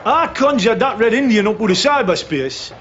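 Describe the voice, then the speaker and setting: A man's voice: sits high, lively intonation, moderate pace, fairly bright tone, lo-fi sound. An actor playing a brash, pushy working-class man with a Geordie accent, scheming and talking his mates round. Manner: pushy, wheedling. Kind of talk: TV drama acting.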